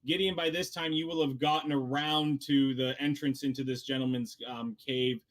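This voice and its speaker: A man's voice: medium pitch, fairly even intonation, normal speed, a bit bright. A man narrating as dungeon master in a casual tabletop game session, with many fillers and restarts.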